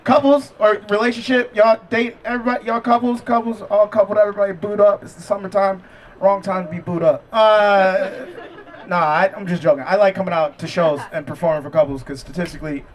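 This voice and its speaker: A man with a high voice performs a relaxed, conversational stand-up set outdoors. He makes fun of himself and chats with the audience between punchlines, speaking into a handheld stage mic. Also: fairly quick. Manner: conversational, self-deprecating punchline delivery with crowd asides. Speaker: stand-up comedian. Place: outdoor backyard comedy show.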